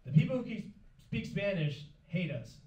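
A man's voice: sits high, big pitch swings, moderate pace, a little mellow. A young man doing a stand-up comedy set on a club stage, telling stories in a sheepish way and acting out the other people in them. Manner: sheepish storytelling, acts out other people's lines. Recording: echoey club with noise, from a distance. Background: audience laughter.

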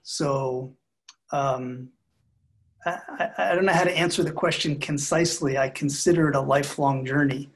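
A middle-aged man speaking as a marriage expert guest in a podcast interview, calm, measured and reflective in his delivery. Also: medium pitch.

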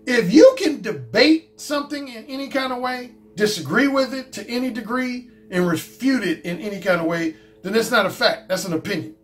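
A man's voice: very high voice, lively intonation, normal speed, hardly any pauses. A man hosting his own channel, giving a casual, blunt and profane commentary monologue and repeating his points. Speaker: dating coach and YouTube host.

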